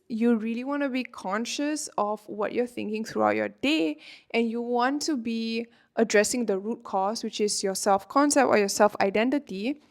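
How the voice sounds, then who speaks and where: A woman in her twenties, a manifestation coach talking casually to camera, chatty and filling her talk with "like" and "you know", laughing often. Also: medium pitch. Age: 20s.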